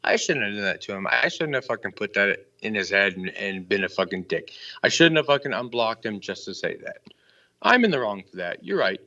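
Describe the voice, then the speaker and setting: A man's voice: on the low side, sing-song, a little fast, pushed and bright. A male caller on a live stream, defensive and rambling, swearing a lot in a heated argument. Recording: dull lo-fi call-in audio.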